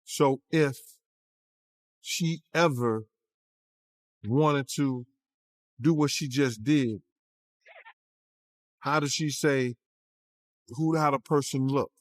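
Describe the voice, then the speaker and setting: A man's voice: medium pitch, extremely slow, long pauses, no room sound. Emphatic man in a dry recording. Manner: streetwise, emphatic, repeats words. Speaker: commentator in a clip. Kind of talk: casual talk.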